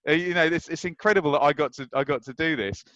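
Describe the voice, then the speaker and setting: A man in his thirties, on as a guest, tells stories with lively energy and acts out what people said. His voice sits a little on the high side. The sound is close and dry, with no room in it. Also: fast talker, dry recording, highs cut off. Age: 30s. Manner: animated, acts out quoted lines. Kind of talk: anecdotal storytelling.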